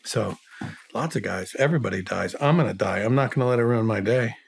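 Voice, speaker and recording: A man's voice: lowish voice, fairly quick, gravelly, husky. A middle-aged man and former soldier, giving an interview as the guest and telling stories bluntly, swearing constantly and acting out the people he quotes. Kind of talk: casual profane storytelling.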